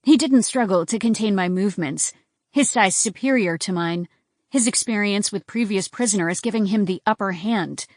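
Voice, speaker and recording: A woman's voice: mid-range voice, normal speed, a little mellow, dry recording, studio quality. A woman giving a tense, dramatic first-person audiobook narration.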